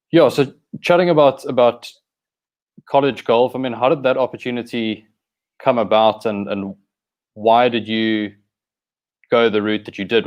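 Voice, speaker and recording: A man with a lowish voice hosting a podcast. He asks his guest questions in a curious, easygoing way, in loose conversational phrasing. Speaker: podcast host. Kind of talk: casual podcast interview.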